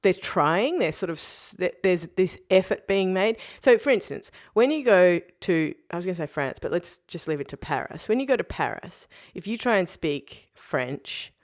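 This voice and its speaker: A woman talks through a casual podcast chat in a voice pitched a bit low. She is animated, laughs often and breaks off to restart her sentences. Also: normal speed, few pauses. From Australia. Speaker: podcast co-host.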